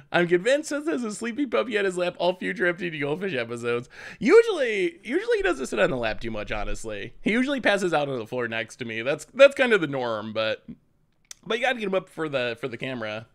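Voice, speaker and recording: A man's voice: high voice, huge pitch swings, brisk. A man casually commentating his card game on a live stream, chatty, laughing often and repeating himself as he talks.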